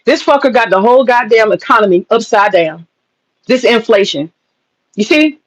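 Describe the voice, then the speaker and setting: A woman's voice: on the high side, expressive, rough recording. A woman hosting a livestream, talking casually and sarcastically with lots of slang, profanity and frequent laughter. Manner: casual slangy talk, drawn-out mock pleading. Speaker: livestream host and businesswoman. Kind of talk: livestream chat reading comments.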